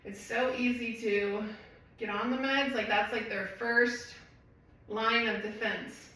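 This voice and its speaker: A woman's voice: on the high side, fairly even intonation, takes it slowly, pushed and bright, slight background noise. A woman fitness trainer leading a live home workout, chatting and rambling while she counts reps. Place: room at home. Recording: echoey room, voice from far off.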